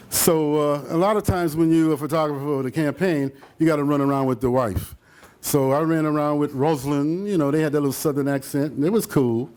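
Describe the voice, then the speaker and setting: A man's voice: on the high side, a little mellow. Rambling older man showing his photos. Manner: rambling storyteller, many fillers and asides, chuckles; acts out quotes in other voices. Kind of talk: casual slideshow talk to an audience.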